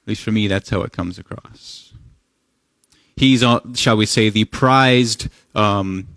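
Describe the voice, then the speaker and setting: In a church sanctuary, a pastor gives a conversational sermon in a fairly low, slow voice with a fairly bright tone, captured in a dry recording. He poses rhetorical questions to the congregation and reads scripture with growing intensity.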